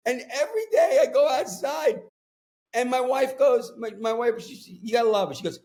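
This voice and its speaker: A man's voice: very high voice, moderate pace. A man from Brooklyn with a New York accent, hosting a podcast and telling stories in a streetwise, ranting way. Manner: animated ranting storyteller, streetwise. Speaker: podcast host. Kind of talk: casual chat. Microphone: podcast microphone.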